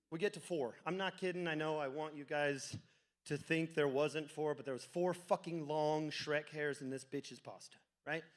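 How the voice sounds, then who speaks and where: A young man with a high voice tells a crude, rambling story on a comedy club stage. He swears constantly and keeps cracking himself up as he goes. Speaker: stand-up comic. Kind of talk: stand-up comedy set.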